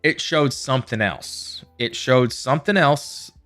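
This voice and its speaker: A man talking casually to viewers while he plays on a live game stream, playful and quick to slip into silly voices. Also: medium pitch, a bit bright, soft background music.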